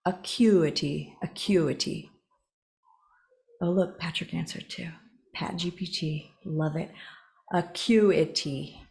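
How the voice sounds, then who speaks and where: A woman's voice: fairly low pitch, level tone, slow pace, vocal fry, long pauses, darkish tone. A young adult woman reading the openings of novels aloud, breaking off for chatty, self-mocking asides. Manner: chatty, laughs at herself, breaks off to comment. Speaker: book reader and channel host.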